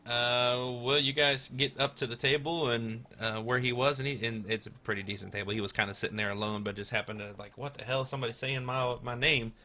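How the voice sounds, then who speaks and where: Bright-voiced male game master. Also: mid-range voice, steady tone, fairly quick, few pauses. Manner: rambling, with many fillers and restarts. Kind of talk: narrating a tabletop game.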